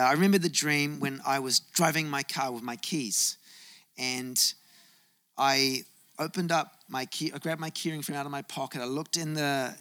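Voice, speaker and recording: A man's voice: fairly high pitch, sharp tone. A man preaching a sermon, telling a personal story and rising to emphatic bursts. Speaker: pastor.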